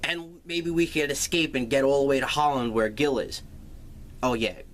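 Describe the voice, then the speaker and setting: Man, casual movie recap, sarcastic, swears a lot, mid-pitched voice. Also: fairly even intonation, normal speed, slight background noise. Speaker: movie reviewer.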